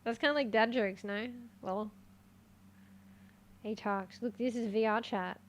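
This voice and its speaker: A woman streams a game in loose, casual chat. Her voice sits somewhat high, and she is easily excited and swears without thinking. She drops into quiet muttering and then bursts out loud. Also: measured pace, a little hiss or hum. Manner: jumps between quiet muttering and loud outbursts. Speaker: live streamer.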